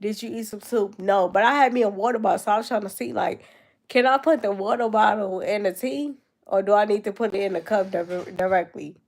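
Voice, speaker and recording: Stuffy-nosed 19 yr old girl chatting with her stream, lots of vocal fry. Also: mid-range voice, fairly quick. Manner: rambling, answering chat comments. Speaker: livestreamer. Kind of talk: casual chat with viewers.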